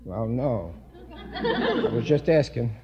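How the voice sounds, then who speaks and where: An actor playing a bumbling husband in a 1940s radio sitcom, sheepish and prone to stammering. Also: male voice, medium pitch, huge pitch swings, takes it slowly, highs cut off, a crowd in the background.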